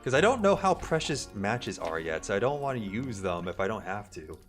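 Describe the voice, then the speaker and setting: A man's voice: on the low side, big pitch swings, moderate pace, a bit bright. A man chatting casually with his viewers while streaming a horror game. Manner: chatty, greets chat, laughs easily. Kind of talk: casual livestream gameplay commentary. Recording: stream audio with game music.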